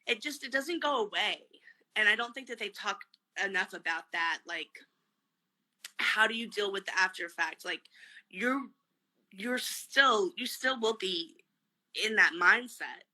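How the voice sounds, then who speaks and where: A woman guest on a video call, talking openly and close to tears, with many pauses and fillers. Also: medium pitch, lively intonation, bright, forceful tone, rough recording. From family from Mexico. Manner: tearful, candid, trailing off with many fillers. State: close to crying. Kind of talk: emotional personal interview.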